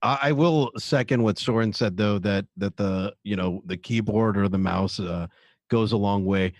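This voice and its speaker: A man's voice: on the low side, normal speed, no room sound. A man talking in a casual panel chat, hesitant with many fillers and restarts. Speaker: streamer panelist.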